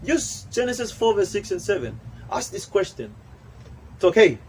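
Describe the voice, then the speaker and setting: Husky and high-pitched with a sing-song quality, this man speaks at a moderate pace on a rough recording. He's a trainer from Papua New Guinea running a lively training-room workshop, preaching emphatically and slipping into the local language at times.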